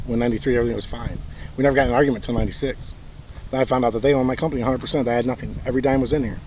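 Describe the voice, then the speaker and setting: A man's voice: mid-range voice, darkish tone, a little hiss or hum, poor audio. Bitter aggrieved man with a Michigan accent. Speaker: vlogger telling his own story. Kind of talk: personal monologue.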